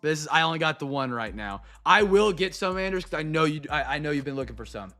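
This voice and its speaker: A young man hosting a live card break, chatting to viewers and going off on excitable, rambling sports rants. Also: a little high, fast talker, soft background music.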